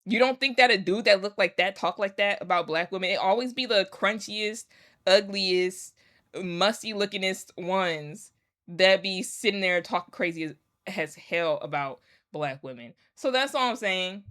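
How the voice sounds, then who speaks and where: A woman's voice: medium pitch, normal speed, a bit bright. A woman vlogger ranting to her followers in a casual, emphatic and sarcastic way, repeating her points. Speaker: commentary vlogger. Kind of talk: casual rant to camera.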